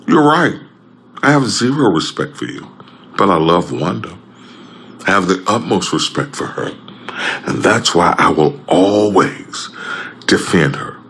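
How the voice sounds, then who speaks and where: Man, impassioned speaker, bright tense tone, lively pitch swings, faint background hum. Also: creaky. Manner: emphatic and repetitive, swings between loud and low. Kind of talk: impassioned public address.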